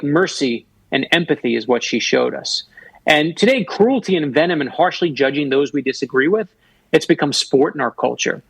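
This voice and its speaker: A man's voice: mid-range voice, a bit bright, breathy edge, no echo, poor audio. A man in his fifties from Florida, a guest author telling personal stories in a radio interview and acting out the voices he quotes. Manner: earnest storyteller who acts out quoted voices.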